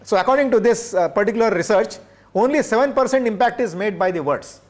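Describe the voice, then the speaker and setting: A male professor from India lectures teachers, repeating points for emphasis and posing rhetorical questions to the audience. His high-pitched voice is animated and quick, with a darkish tone.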